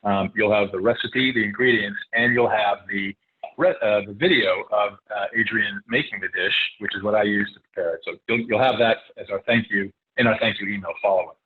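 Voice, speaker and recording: A man's voice: lowish voice, fairly quick. A man hosting a casual online tasting, talking in a loose, rambling, upbeat way over a video call. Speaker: host. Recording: tinny video-call audio, faint hiss.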